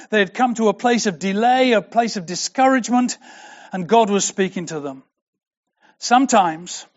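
A man preaching a sermon, emphatic and slow, repeating key words for weight. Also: high voice. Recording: dull lo-fi recording.

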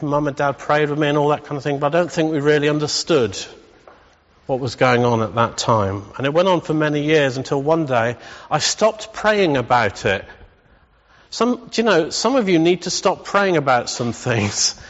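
Middle-aged male preacher, emphatic sermon voice, slightly high, long church reverb, dull sound. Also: expressive, moderate pace. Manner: emphatic, building to rousing repetition. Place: church hall.

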